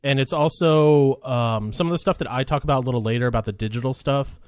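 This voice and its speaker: A young man co-hosts a podcast in casual chat, telling rambling stories loaded with "like" and other fillers. His voice is dry and close, with no room in it, and sits at an average pitch. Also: fast talker, darkish tone, clean tone, no room sound. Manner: rambling, filler-heavy storytelling with lots of "like". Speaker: podcast co-host.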